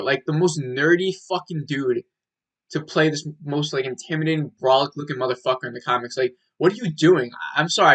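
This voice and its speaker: Bright-voiced young man ranting about movies. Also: mid-range voice, poor audio. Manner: rambling, heavy "like" filler, swearing. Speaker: movie reviewer. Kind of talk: casual review monologue.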